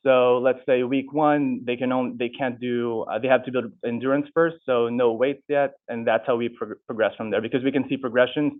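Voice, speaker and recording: Halting young man in Q&A, tinny. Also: mid-range voice, steady tone. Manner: halting, restarts and corrects himself. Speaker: student presenter answering questions. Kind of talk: unscripted Q&A answers. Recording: tinny, phone-like sound.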